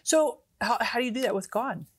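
A woman's voice: fairly high pitch, brisk, husky, no echo. A woman co-host of a faith talk show, asking questions eagerly and chiming in with short affirmations. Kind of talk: interview chat.

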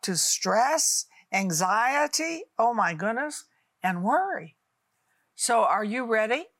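Old lady tv preacher in her 80s, slow and gravelly, bright edge, coaxing the viewers. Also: fairly high pitch, no room sound. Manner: fervent, coaxing, talks straight to viewers. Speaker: television minister. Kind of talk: televised sermon and prayer.

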